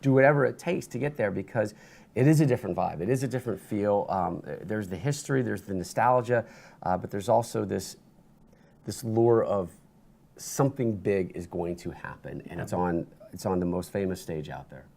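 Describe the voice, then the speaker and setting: A man talking as a guest in a studio interview, telling animated stories with lots of restarts and bursts of energy. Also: on the low side, moderate pace, vocal fry. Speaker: interview guest, sports broadcaster.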